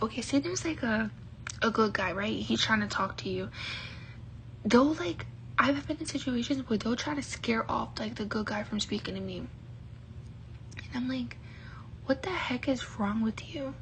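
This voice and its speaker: A young woman talking to camera in a casual vlog, soft-spoken and exasperated, often dropping to a near whisper and filling her sentences with "like.". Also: on the high side, slight background noise, rough recording. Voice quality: breathy, often half-whispered. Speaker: vlogger.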